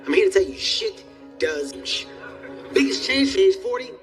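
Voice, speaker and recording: A man in his forties doing stand-up comedy, telling loud, animated stories with shouted outbursts. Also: high-pitched, moderate pace, distant mic, over music. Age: 40s.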